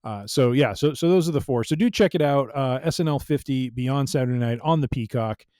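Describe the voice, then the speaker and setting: A man's voice: medium pitch, fairly quick, dark tone, no room sound, studio quality. A man co-hosting a podcast in casual chat, easygoing and hesitant, with lots of fillers and restarts. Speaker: podcast co-host.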